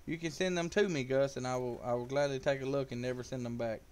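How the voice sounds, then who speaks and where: A man's voice: medium pitch, steady tone, fast talker. A man giving casual live gameplay commentary, joking with viewers and calling out their names. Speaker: live streamer.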